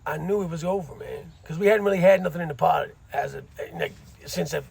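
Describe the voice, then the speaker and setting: A man's voice: fairly high pitch, very animated, fairly quick, gravelly, a little mellow, husky, no echo. A middle-aged man casually telling a story from his time in prison, using street slang and frequent asides.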